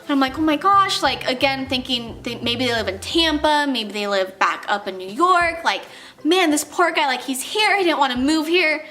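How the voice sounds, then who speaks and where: A young woman from California in her twenties, telling an animated story on a vlog with lots of exclamations. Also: sits high, normal speed. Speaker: vlogger.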